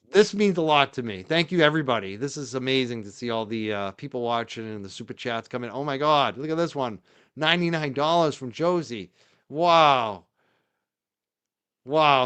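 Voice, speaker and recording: A man's voice: mid-range voice, fairly bright tone, smooth. Emotional, grateful man hosting a livestream. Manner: emotional, grateful, then indignant. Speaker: podcast host. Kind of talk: casual livestream talk.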